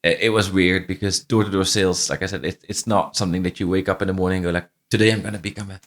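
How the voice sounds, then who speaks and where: A man's voice: low voice, level tone, fast talker, a bit bright. A middle-aged man, not a native English speaker, with a faint Irish-tinged accent, telling stories as a podcast guest, restarting often and repeating phrases. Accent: faint Irish-tinged non-native English. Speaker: podcast guest, franchise CEO. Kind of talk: casual interview storytelling.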